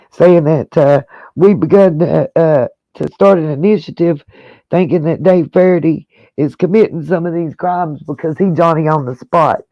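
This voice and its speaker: A man's voice: fairly high pitch, no room sound, muffled recording. Emotional man hosting a livestream. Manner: emotional, rambling, talks straight to viewers. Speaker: livestream host. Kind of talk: casual livestream commentary.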